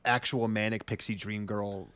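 A man's voice: fairly low pitch, steady tone, normal speed, a crowd in the background. A man co-hosting a casual podcast, rambling enthusiastically and swearing often. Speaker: podcast co-host.

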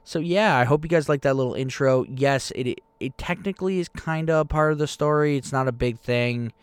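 Excitable young man hosting his game podcast. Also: mid-range voice, fairly quick, clean tone, no echo. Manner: rambling, excitable, self-deprecating. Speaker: podcast host and game master. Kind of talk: casual podcast chat.

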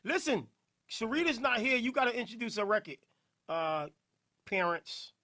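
High-pitched playful man with a Jersey accent. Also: sing-song, moderate pace. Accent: New Jersey. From Newark, New Jersey. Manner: loud, playful, shouts out listeners, laughs often. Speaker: podcast host. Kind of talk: casual podcast chat.

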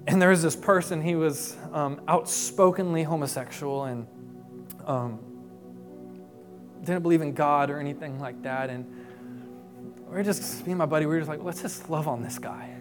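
A young adult man, a pastor, preaching a sermon with storytelling, moving from hushed, quiet passages to emphatic rises. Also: on the high side, moderate pace, pauses often, music in the background. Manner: storytelling, voicing quoted people, swings from hushed to emphatic.

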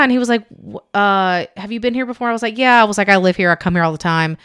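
A woman's voice: medium pitch, very fast, hardly any pauses, a bit bright, clean tone, dry recording, clean studio sound. A woman, co-hosting a podcast and telling a rambling, chatty story full of "like" and acted-out quotes. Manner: rambling, chatty, heavy use of "like", acts out quotes. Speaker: podcast co-host. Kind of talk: casual chat, storytelling.

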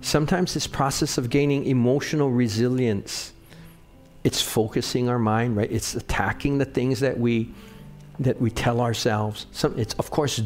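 A middle-aged man preaching a sermon with personal stories, talking conversationally and often checking in with the congregation. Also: medium pitch. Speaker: pastor.

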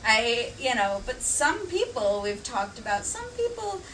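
A young woman, a podcast guest, telling stories in a casual, animated way with many "um"s and "like"s. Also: fairly high pitch, measured pace. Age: young adult. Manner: animated storytelling, filler "um" and "like". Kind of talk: casual chat. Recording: distant mic, faint background noise.

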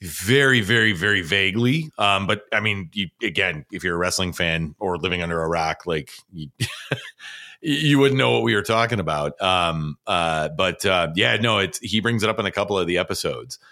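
Bright-toned man in casual podcast chat. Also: low voice, moderate pace. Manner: excitable, rambling with fillers. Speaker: podcast co-host.

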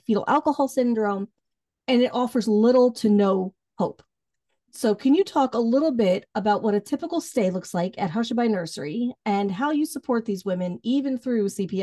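A woman's voice: on the high side, mellow, dry recording, studio quality. A woman hosting an interview, sharing a personal story in a heartfelt, thoughtful way. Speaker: podcast host.

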